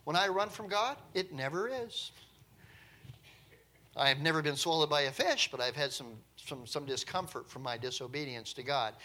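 A man's voice: a little high, animated, normal speed, sharp tone. A man preaching a sermon in a conversational, emphatic way, with light chuckles now and then.

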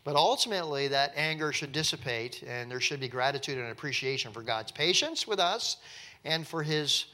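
A man preaching a sermon in a conversational, animated way with wry asides, at an evening church service. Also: fairly high pitch, moderate pace. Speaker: pastor.

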